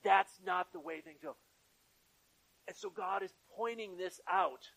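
A man's voice: high-pitched, expressive, unhurried, vocal fry, fairly bright tone, poor audio. A man preaching to his congregation in a church, earnest, building his points through repeated phrases. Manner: earnest, repetitive preaching cadence. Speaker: pastor. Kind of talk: sermon.

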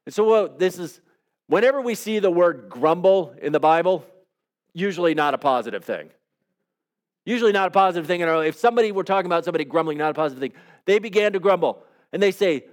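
Male preacher, high voice, chatty sermon delivery, lots of rhetorical questions to the room. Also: animated, fast. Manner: conversational, asks the listeners rhetorical questions. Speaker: pastor.

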